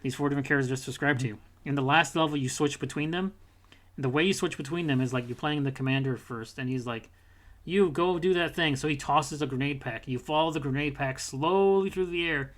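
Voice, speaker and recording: A man co-hosting a casual gaming podcast, rambling and swearing, dropping into quick mocking character voices. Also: mid-range voice. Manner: rambling, profane, mimics characters in quick asides. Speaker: podcast co-host.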